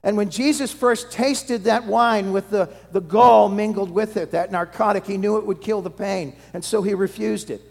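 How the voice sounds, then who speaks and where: A pastor preaching a dramatic sermon that swings from loud to hushed. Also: male voice, sits high, fairly even intonation, moderate pace, vocal fry, few pauses. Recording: long hall reverb.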